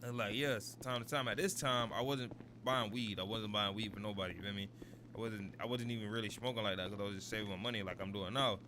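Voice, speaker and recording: Male streamer, 30s, low voice, casual and rambling, with noisy game sound underneath. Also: steady tone, quick pace. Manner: rambling, repeats "you feel me" constantly. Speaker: gaming streamer. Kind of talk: casual storytelling over gameplay.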